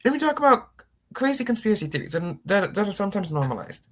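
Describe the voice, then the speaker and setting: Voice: mid-range voice, big pitch swings, fast talker. A rambling political commentator talking casually, with many restarts and mocking impressions of opponents.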